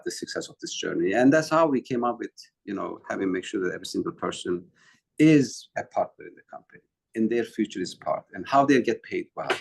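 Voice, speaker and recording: A man's voice: fairly low pitch, creaky, husky. Earnest man with non-native English phrasing. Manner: earnest, repetitive phrasing with frequent restarts. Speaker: company founder, interview guest. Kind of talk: conversational interview answer.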